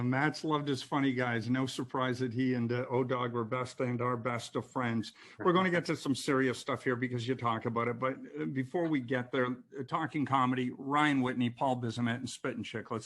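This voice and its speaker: A man hosts a relaxed podcast interview, his voice in a middle register. He talks conversationally and keeps chiming in with short agreements while his guest speaks. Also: medium pitch. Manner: conversational, frequent brief agreements. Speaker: podcast host. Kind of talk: casual interview.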